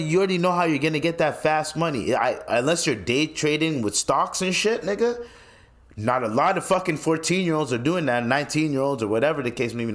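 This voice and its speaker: A man hosting his own podcast, ranting loosely and swearing freely, with lots of restarts. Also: medium pitch. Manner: loose and rambling, with many restarts. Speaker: podcast host. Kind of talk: solo podcast rant.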